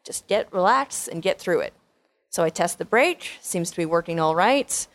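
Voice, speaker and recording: Woman telling a comic story. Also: fairly low pitch. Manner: lively, self-deprecating, dramatic pauses. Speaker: comedian and storyteller.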